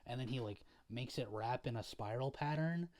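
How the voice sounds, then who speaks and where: This young man's voice is mid-range and slightly mellow, and he talks at a normal speed. He's a video creator casually retelling a story to camera, meandering, cursing freely, and padding it with fillers in a relaxed manner.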